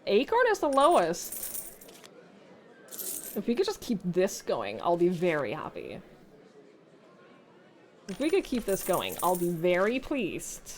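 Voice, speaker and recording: A woman's voice: lowish voice, huge pitch swings, measured pace, pauses often, some chatter behind. A woman streamer commentating her own play live, talking to the game, swearing, laughing and thinking aloud between moves. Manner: talks to the game, swears, shifts from muttering to yelling.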